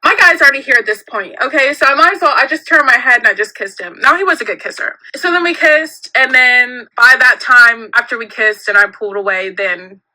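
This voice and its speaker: A young woman tells a personal story in a high, very bright voice. She is animated and giggly, and she acts out every line of dialogue. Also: a little fast, hardly any pauses, rough recording.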